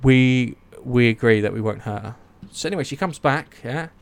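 A young man casually retelling myths, animated, swearing and acting out the characters' lines. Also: mid-range voice, moderate pace, gravelly. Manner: animated storytelling, swears, acts out quotes. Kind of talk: casual chat.

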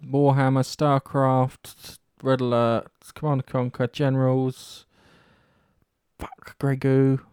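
A man's voice: mid-range voice, slow, smooth, no room sound, clean studio sound. A man chatting casually about games, rambling and swearing freely as he tells stories. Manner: rambling, swears often, animated storytelling.

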